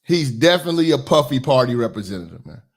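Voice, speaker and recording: A man hosting a reaction commentary channel, animated and mocking, swearing freely as he talks back to clips. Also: mid-range voice, fast talker.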